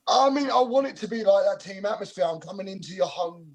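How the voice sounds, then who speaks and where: A man's voice: high voice, lively intonation, fast talker, darkish tone. A man answering interview questions casually, cocky and joking, with slangy talk. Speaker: wrestler, interview guest. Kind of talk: casual press call answers.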